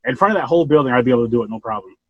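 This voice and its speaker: A man hosting a podcast, chatting casually and rambling with animated bursts and casual swearing. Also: mid-range voice, rapid-fire, no echo, phone-quality sound. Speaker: podcast host.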